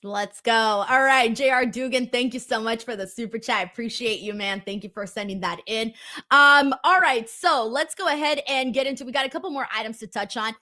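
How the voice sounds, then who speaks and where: A woman's voice: on the high side, fairly quick, bright, forceful tone. A woman hosting a casual wrestling review show, reading viewer messages and laughing often. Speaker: host.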